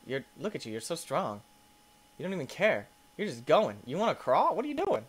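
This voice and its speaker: A man giving excitable let's play commentary, yelping and squealing as things go wrong and talking to the characters on screen. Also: fairly high pitch, a little fast. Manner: playful, talks to the game characters. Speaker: gaming YouTuber.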